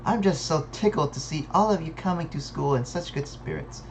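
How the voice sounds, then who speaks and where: A man's voice: on the high side, fairly quick, gravelly, slight background noise, voice pushed up. A man voicing a cheery, smirking male school principal as he reads game dialogue aloud. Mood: jovial.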